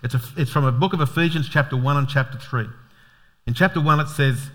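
A man preaching a sermon as a pastor, telling stories with lively quoted voices and chuckles. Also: on the high side, brisk.

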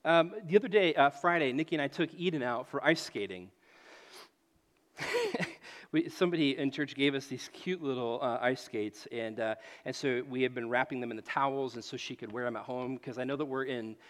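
A pastor in his late thirties preaches a sermon in an echoey hall, his mid-range voice moving briskly. He tells stories with animation, acts out voices and often repeats his phrases.

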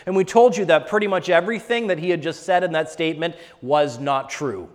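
A man preaching a sermon, moving between loud, fervent exhortation and soft, hushed storytelling. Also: high-pitched, lively intonation, fast talker, few pauses. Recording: long hall reverb.

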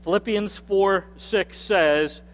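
High-voiced male pastor in echoing sanctuary. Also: slow pace, a little hiss or hum. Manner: conversational, repeats phrases, asks the congregation to respond. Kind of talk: sermon. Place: church sanctuary with a screen. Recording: long hall reverb from a sanctuary.

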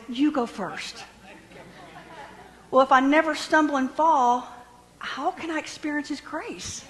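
A woman preaching a sermon in a lively, animated way, joking with her congregation. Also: high voice, in a large hall, rough recording.

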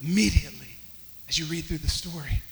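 A pastor preaching a sermon, swinging from loud exclamations to hushed near-whispers. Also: male voice, a little high, a little fast, creaky, in a large hall, poor audio.

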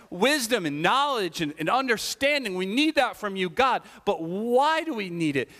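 Male pastor with a high voice, conversational preaching style, reverberant church hall. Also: a bit bright. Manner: conversational preaching, frequent "right?" tag questions. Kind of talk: sermon.

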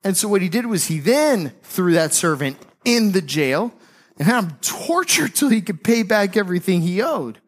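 A male pastor delivers a sermon in a relaxed, conversational way, breaking into lively storytelling and slangy asides. His voice sits a little high for a man. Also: moderate pace.

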